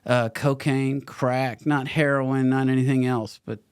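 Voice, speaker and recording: A man's voice: medium pitch, steady tone, unhurried, clean tone, no echo, clean studio sound. A middle-aged man, a podcast guest and actor, telling his story candidly, swearing freely and laughing between stories.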